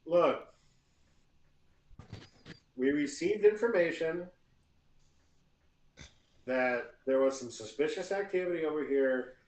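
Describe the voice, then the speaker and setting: A man's voice: fairly high pitch, animated, slow, long pauses, a little mellow. A man voicing a firm male city guard officer in a tabletop role-play, delivering stern, officious warnings. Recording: roomy echo.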